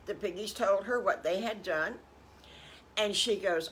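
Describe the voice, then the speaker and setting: A woman's voice: mid-range voice, measured pace, a bit bright, slight background noise. An older woman telling improvised children's stories, folksy with chuckling asides. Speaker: storyteller.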